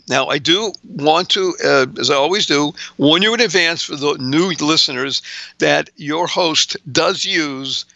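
An enthusiastic man hosts a radio show, chatting and laughing between thoughts. His voice sits a little high and very bright. The sound is close and dry. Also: no room sound. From Boston, USA. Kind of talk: upbeat radio talk.

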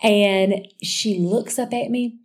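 A woman sharing a personal faith testimony in a chatty, animated storytelling way, calling her listeners y'all. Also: medium pitch, slow pace. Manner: chatty and animated, addressing listeners as y'all, with frequent restarts and asides.

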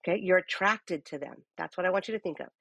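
Energetic woman coach leading a live audio room, dry close-mic voice. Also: fairly low pitch, fast talker, creaky, no room sound. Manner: lively, uses many rhetorical "okay?" check-ins.

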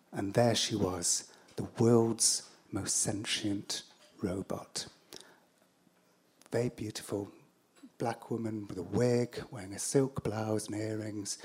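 An English man recounts a story in front of a live audience, dry and self-deprecating. His delivery is halting, sprinkled with ums and restarts, sitting at an ordinary middle pitch for a man. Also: darkish tone, slight background noise.

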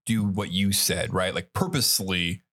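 A man's voice: sits low, normal speed, a bit bright. A man hosting a podcast in casual chat, swearing freely with lots of fillers. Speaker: podcast host.

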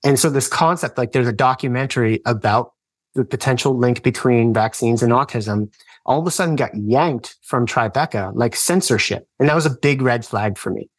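A man's voice: medium pitch, normal speed, dry recording. A man in his thirties telling a personal story on a podcast, earnest and rambling, full of fillers and restarts. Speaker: podcast guest. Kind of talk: personal storytelling in casual chat.

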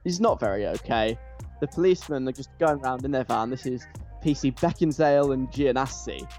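A man's voice: medium pitch, brisk, a little mellow. Give me an enthusiastic radio host, a man, chatting casually. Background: faint music.

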